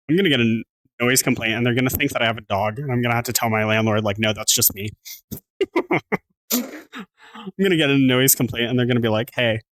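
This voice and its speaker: A man's voice: on the high side, a bit bright, no echo. A man from Southern Pennsylvania chatting casually on a livestream at home. He restarts his sentences, swears casually and thanks his viewers.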